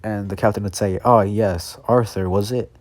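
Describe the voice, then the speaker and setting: A man's voice: on the low side, fairly even intonation, normal speed, no room sound. A young man casually telling an improvised fan story, rambling with many fillers and restarts.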